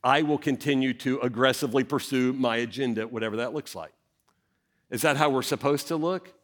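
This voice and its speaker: A middle-aged man, a senior pastor preaching a sermon and telling a family story with dramatic swings in his voice. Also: brisk. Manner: animated, dramatic storyteller with big swings in pitch.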